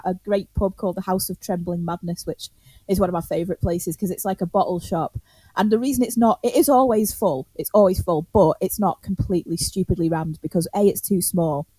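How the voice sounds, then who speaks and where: A woman's voice: mid-range voice, a little mellow, dry recording. A woman tells a story on a podcast in casual chat. She laughs often, swears freely and acts out the quotes. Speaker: podcast co-host.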